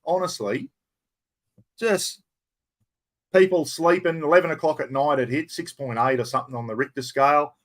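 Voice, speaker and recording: A man's voice: fairly high pitch, fairly bright tone. An Australian man hosting a casual livestream chat, rambling and blunt, often calling his viewers mate. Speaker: livestream host.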